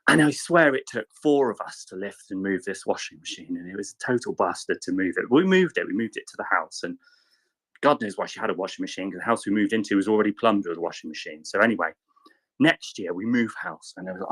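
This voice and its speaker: A man in casual chat, telling a rambling anecdote with lively quoted voices. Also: fairly low pitch, fast talker. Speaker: panelist.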